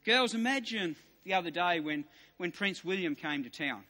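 Male preacher in his fifties, very high-pitched and bright, hammering points home, big hall reverb. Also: animated, moderate pace. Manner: emphatic and repetitive, rising to near shouts. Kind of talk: sermon. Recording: long reverb of a large hall.

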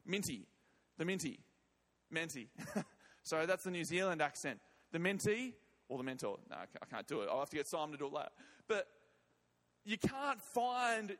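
A man's voice: high-pitched, fairly bright tone. A man preaching a sermon and leading prayer, emphatic and often repeating words and phrases. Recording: long reverb of a large hall.

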